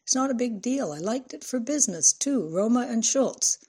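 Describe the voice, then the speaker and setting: A woman voicing a husband who reasons and soothes his upset wife, in a husky, mellow voice. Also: on the high side, animated, moderate pace, voice pushed up. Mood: defensive. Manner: reasoning, placating, sighing. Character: middle-aged husband, patient and placating.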